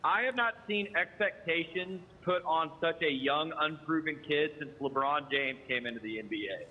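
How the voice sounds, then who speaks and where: A man's voice: fairly high pitch, moderate pace, in a large hall, lo-fi sound. A man who hosts a sports show, chatting casually and teasing the other hosts in a wry, dry way.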